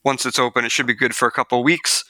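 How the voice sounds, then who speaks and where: A man's voice: medium pitch, steady tone, racing, pushed and bright, dry recording. A man co-hosting a beer podcast, chatting casually with many ums and easy rambling. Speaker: podcast co-host. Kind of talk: casual chat.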